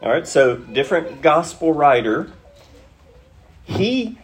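A man's voice: fairly high pitch, very animated, slow, slightly rough, faint music behind. A man preaching a verse-by-verse sermon in a teacherly way, checking in with his listeners through rhetorical questions. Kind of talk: expository sermon.

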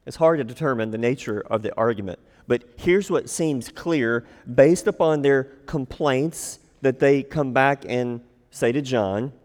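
A man's voice: mid-range voice, measured pace, few pauses, darkish tone. A man preaching a sermon, acting out quoted lines in a raised voice. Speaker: pastor. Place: church sanctuary. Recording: long hall reverb.

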